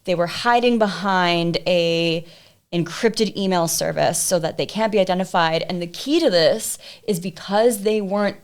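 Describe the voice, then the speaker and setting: A woman's voice: lowish voice, normal speed. A woman guest on a podcast, talking casually and emphatically, often swearing as she tells her story. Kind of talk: casual chat.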